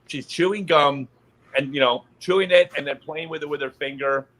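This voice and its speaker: Here a man on a podcast shares a story in casual talk, breaking into laughter mid-sentence. His pitch is on the high side, his speed normal, and his delivery lively.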